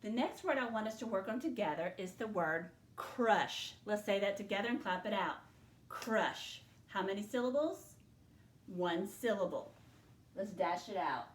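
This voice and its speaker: A woman's voice: medium pitch, lively intonation, normal speed, distant mic. A woman teacher leading a spelling dictation lesson, patiently sounding out words letter by letter. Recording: echoey room, voice from the mic.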